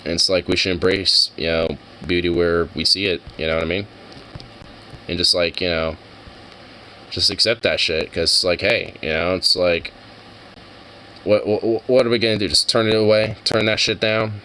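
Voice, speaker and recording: This young video-reacting streamer talks in a deep, bright, forceful voice with fairly even intonation at a normal pace. His casual chat rambles, full of fillers and swearing, over a rough recording with slight background noise.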